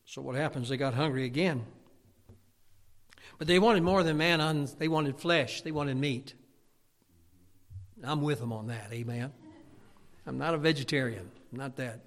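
A man's voice: mid-range voice, normal speed, pauses often. A man preaching a sermon, telling folksy stories and asking for amens. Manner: folksy storytelling, calls of amen.

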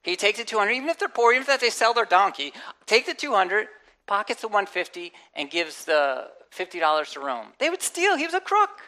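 Woman pastor preaching, super expressive voice that swings up and down, chatty with little jokes thrown in. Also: medium pitch, a little fast. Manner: animated, acts out quotes and inner voices; conversational preaching with asides and jokes. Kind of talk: sermon.

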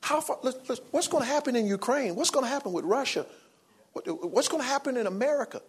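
Husky-voiced preacher man, hushed to fiery. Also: quick pace. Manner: swings between low hushed reflection and raised excited preaching. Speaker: pastor. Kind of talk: sermon.

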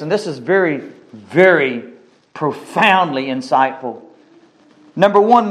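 Male pastor, high voice, emphatic sermon delivery with call-and-response amens. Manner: emphatic, calls for amens, repeats phrases. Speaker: preacher.

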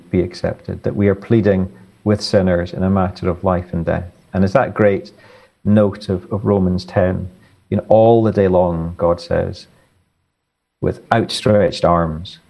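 Gravelly deep-voiced man, earnest and halting. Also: dark tone. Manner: earnest, halting with many repeated words. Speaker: author and guest. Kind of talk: theological interview answers.

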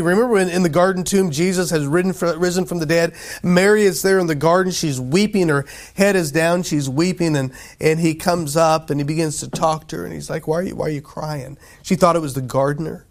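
A man's voice: on the high side, a little fast. Joking, conversational preacher man. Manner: conversational, jokey, asks the crowd questions. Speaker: pastor. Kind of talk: sermon.

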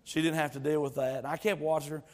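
A male pastor, preaching a sermon that moves from quiet storytelling to loud exhortation. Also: fairly high pitch, level tone, fast talker.

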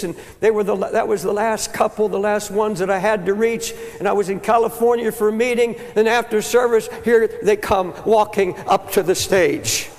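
An older man preaching with fervor, his voice pitched high and rough with fry. He stumbles over repeated words, then builds to full shouts. The sound rings through a large hall with a long echo. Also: fairly even intonation. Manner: impassioned, rising to shouts, halting repetitions. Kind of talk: sermon. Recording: echoey hall with long reverb.

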